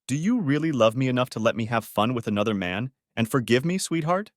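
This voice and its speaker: A man reading a story aloud, voicing an emotional, tearful wife with shrill, pleading outbursts. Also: animated, fairly quick, no room sound, clean studio sound, close to an everyday voice. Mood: anxious.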